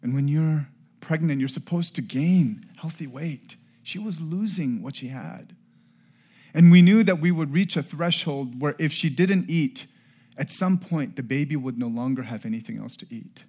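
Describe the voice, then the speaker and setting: A middle-aged man preaching a sermon and telling a personal story, earnest, rising to loud emphasis and dropping to hushed tones. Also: on the high side, moderate pace, slightly rough. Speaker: pastor.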